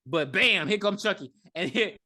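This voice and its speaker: A podcast co-host recapping a horror movie in casual chat, animated and swearing freely. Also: medium pitch, normal speed.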